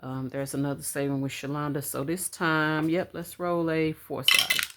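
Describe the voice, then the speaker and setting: A woman chatting casually to her viewers at home, calling them y'all and counting out loud as she goes. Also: low-pitched, little pitch movement, moderate pace, heavy background noise. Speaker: budgeting vlogger. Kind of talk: casual chat to camera. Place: home room. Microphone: camera on a stand.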